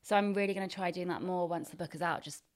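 A woman's voice: on the low side, fairly even intonation, fast. A woman in her thirties in casual chat as co-host, rambling and self-deprecating.

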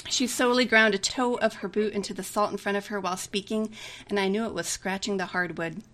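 A woman's voice: mid-range voice, fairly even intonation, fairly quick, fairly bright tone. A woman reading a romantic comedy aloud in a chatty way, giggling often between lines. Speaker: story reader.

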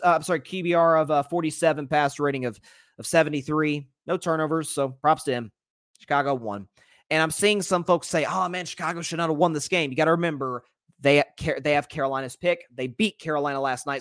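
A man's voice: on the high side, no room sound, studio quality. A young man hosting a sports podcast, talking casually and rambling with frequent restarts and self-corrections. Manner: animated, rambling, self-interrupting. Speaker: podcast host.

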